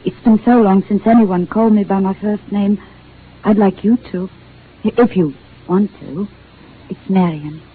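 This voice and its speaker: A shy, lonely bookshop spinster. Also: female voice, high-pitched, normal speed. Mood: tender. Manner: shy, sweet, flattering. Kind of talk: 1940s radio acting. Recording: tinny lo-fi old radio broadcast, faint hiss.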